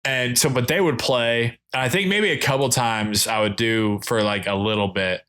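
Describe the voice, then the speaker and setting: Bright-voiced man chatting casually. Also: medium pitch, moderate pace. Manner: relaxed, rambling with self-conscious laughs. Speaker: podcast co-host. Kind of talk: casual chat.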